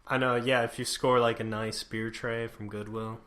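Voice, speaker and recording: A man's voice: medium pitch, level tone, normal speed, a bit bright. Young man tossing out wry jokes. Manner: wry, joking asides. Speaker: podcast co-host. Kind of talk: casual podcast chat.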